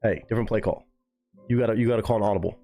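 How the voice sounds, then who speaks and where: A man hosting a live stream, reacting to chat comments in a casual, swearing way with high-pitched mocking asides. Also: racing, dark tone, soft background music.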